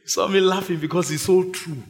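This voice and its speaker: A male pastor delivering a sermon, calling out to the congregation and urging them to shout back. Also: high voice, brisk. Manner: call-and-response preaching, urging the congregation to shout. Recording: long hall reverb.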